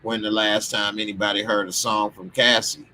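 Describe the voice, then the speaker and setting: A man's voice: lowish voice, level tone, normal speed, slight background noise. A man from Texas, hosting a casual commentary stream and chatting loosely through viewer comments in slang. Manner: loose, slangy, chatty asides with sudden loud bursts. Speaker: commentary channel host.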